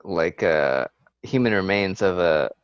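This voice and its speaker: Casting note: laid-back man, lowish voice, dull lo-fi mic. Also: animated, unhurried, clear, resonant tone. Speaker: podcast co-host. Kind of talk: casual chat. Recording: dull lo-fi sound.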